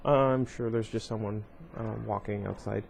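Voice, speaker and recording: A man's voice: fairly low pitch, fairly even intonation, moderate pace, gravelly, a little mellow, slight background noise. A man casually reading a novel aloud at home, breaking off often for rambling side comments full of fillers. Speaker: reader of a book series.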